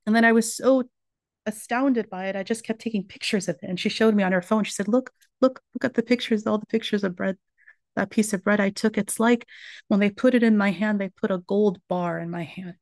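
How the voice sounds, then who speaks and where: A woman's voice: medium pitch, steady tone, a little fast, no room sound. Female speaker for a faith lecture, earnest storyteller, mid-range voice, dry recording. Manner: earnest storytelling, retelling a survivor's words. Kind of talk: religious lecture.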